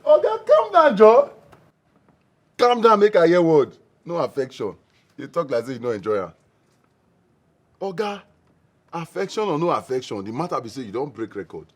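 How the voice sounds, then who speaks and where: A young actor with a Nigerian Pidgin accent playing an excitable man who jokes and teases his friend. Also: medium pitch, brisk, pauses often, husky. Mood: teasing. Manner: joking, teasing, excitable. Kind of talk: film drama acting.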